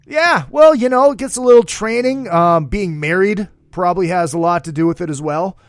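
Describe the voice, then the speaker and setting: A man hosting a casual interview show, telling stories in an animated way and swearing freely. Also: sits high, moderate pace, no echo, clean studio sound. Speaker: radio show host.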